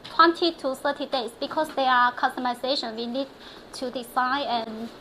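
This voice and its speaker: A woman on a factory's staff explains the work, hesitant and full of small pauses. Her voice is high, and a faint noise sits behind her in the office. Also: fairly even intonation, bright, forceful tone, rough recording. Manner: hesitant, many filler pauses. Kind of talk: casual explanation in English.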